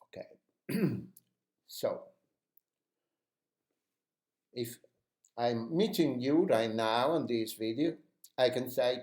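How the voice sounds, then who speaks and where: رجل يشرح دروس التحدث بالإنجليزية بنبرة مشجعة وبطيئة، في تسجيل داخل غرفة ذات صدى. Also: male voice, mid-range voice, slow pace, long pauses, a little mellow, roomy sound. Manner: encouraging, coaching tone. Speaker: English speaking coach. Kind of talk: instructional video lesson.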